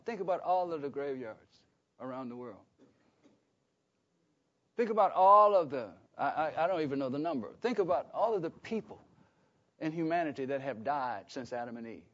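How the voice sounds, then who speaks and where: Speaking on the high side with lively intonation, a man delivers a sermon at normal speed, pausing often. He keeps it conversational, asking the congregation call-and-response questions and frequently restarting, all on a dull lo-fi recording.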